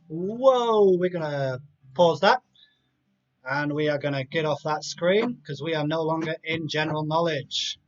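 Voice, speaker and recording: High-voiced man hosting a live quiz. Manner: reads multiple-choice options with chatty asides. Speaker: quiz host. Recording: dull lo-fi sound with faint music.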